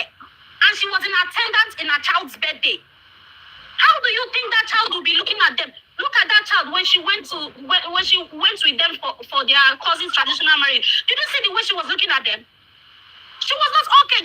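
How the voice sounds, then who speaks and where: Very high, bright, blunt woman. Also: slight background noise, low-quality recording. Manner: blunt, rapid rebuttals with slang. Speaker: host of a live audio chat. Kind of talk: heated live chat.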